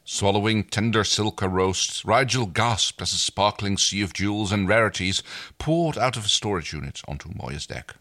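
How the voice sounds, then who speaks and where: A man's voice: lowish voice, lively intonation, normal speed, bright, forceful tone. A man, co-hosting a podcast and reading fan fiction aloud in an easygoing, self-deprecating way. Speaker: podcast co-host.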